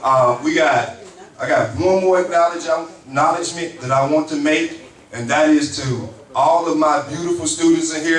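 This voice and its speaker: A man's voice: on the high side, moderate pace, over a noisy crowd. A man emceeing a community town hall, who speaks in an earnest, grateful way as he makes his acknowledgements and introduces speakers. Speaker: emcee and university teacher. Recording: roomy hall, far from mic, faint noise.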